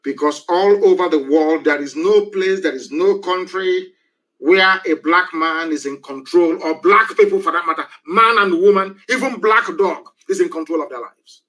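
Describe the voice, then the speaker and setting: A man's voice: sits high, normal speed, pushed and bright, rough recording. A man giving an impassioned political broadcast, preachy and full of repeated rhetorical questions. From Nigeria.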